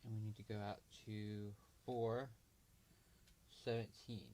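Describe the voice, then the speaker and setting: A man's voice: lowish voice, little pitch movement, takes it slowly, dark tone, slight background noise. A man hosting a casual livestream, thinking aloud with hesitant, trailing remarks as he marks up a chart. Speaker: livestream host.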